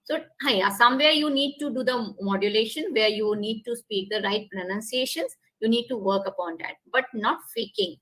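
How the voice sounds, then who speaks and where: A woman with an Indian English accent leads a public speaking webinar over a video call, speaking in a bright and fairly high voice. She explains things step by step, repeats her points, and walks listeners through breathing exercises. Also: fairly quick, hardly any pauses, rough recording. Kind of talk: online workshop talk.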